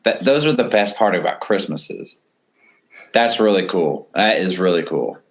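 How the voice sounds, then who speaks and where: A man's voice: sits low, animated, moderate pace. A man co-hosting a casual podcast, talking in an earnest, eager way with plenty of ums. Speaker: podcast co-host.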